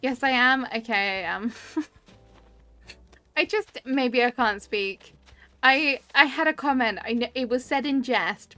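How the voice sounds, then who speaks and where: A woman's voice: high-pitched, animated, slow pace, pauses often, pushed and bright, faint music behind. British woman, thirties, live-stream host; casual, giggly, reads chat aloud. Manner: chatty, laughs often, reads chat comments aloud.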